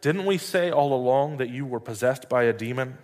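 A man reading the lines of an indignant crowd, his voice raised higher and louder. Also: normal speed, close to an everyday voice. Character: indignant crowd of adult men. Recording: long reverb hall.

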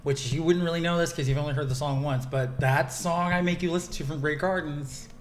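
A man co-hosting a casual podcast, teasing and theatrical, quick with jokes. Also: fairly high pitch, fairly even intonation. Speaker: podcast co-host. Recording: echoey room, faint noise.

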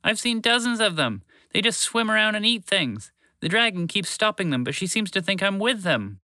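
A man's voice: sits high, big pitch swings, moderate pace, sharp tone, no room sound, clean studio sound, voice pushed up, heavily acted. A man voicing a nervous, fretful female spaceship in a storybook. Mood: excited. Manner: jittery, fretful.

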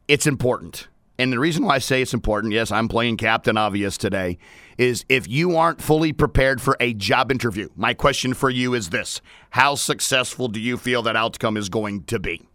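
A male radio host talks in a bright, forceful way with a scratchy, strained edge to his voice. He jokes, rhymes and restarts his sentences. The sound is dry and close. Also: medium pitch, dry recording. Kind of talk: energetic radio talk.

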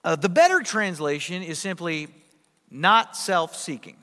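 A male pastor delivers a sermon in a fairly high voice. He is emphatic and poses rhetorical questions, moving from loud to quiet. His words carry through a hall with long reverb. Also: big pitch swings, a little slow. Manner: emphatic, rhetorical questions, big swings in loudness.

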